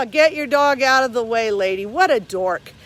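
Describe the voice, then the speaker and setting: A woman's voice: high voice, bright, forceful tone. A woman streaming live from her phone outdoors at night, narrating indignantly and taunting someone with short repeated phrases. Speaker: nonprofit volunteer live-streaming an incident. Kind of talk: live-streamed running commentary. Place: outdoors at night, near her parked car.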